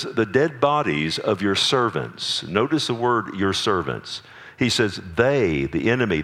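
Deep-voiced man preaching a sermon. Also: a bit bright. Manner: earnest preaching with dramatic scripture reading and asides to the sound man. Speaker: pastor. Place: church sanctuary. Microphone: microphone on a sound system.

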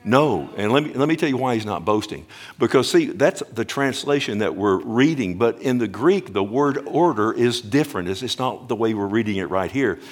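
A man preaching a sermon as pastor, earnest and animated, often restarting phrases and asking the congregation questions. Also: mid-range voice, moderate pace.

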